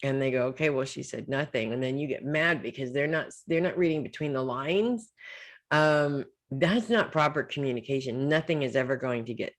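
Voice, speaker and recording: A woman's voice: rumbling low, moderate pace. Chatty woman giving a psychic reading. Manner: chatty, reassuring, checks in with "okay?" and "right?"; loose and informal, trails off with "blah, blah". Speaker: psychic reader. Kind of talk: weekly psychic reading, casual advice.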